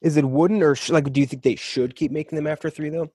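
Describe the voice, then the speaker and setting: A man co-hosting a casual podcast, throwing in quick jokes and swearing. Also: on the high side, steady tone, a little mellow, slightly rough. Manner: quick jokey interjections, swears. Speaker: podcast co-host. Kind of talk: casual chat.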